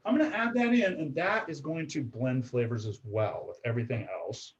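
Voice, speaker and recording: A man's voice: mid-range voice, lively intonation, normal speed, lo-fi sound. Chatty man explaining while he cooks. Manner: chatty, explains step by step, often asks "right?" and "okay?". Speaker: cooking show host. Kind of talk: live-streamed cooking demonstration. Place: home kitchen.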